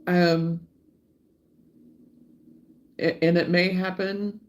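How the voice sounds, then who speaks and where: A woman's voice: lowish voice, level tone, extremely slow. A woman with an Arkansas accent hosting a casual livestream, chatting and laughing as she answers viewers by name. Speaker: livestream host.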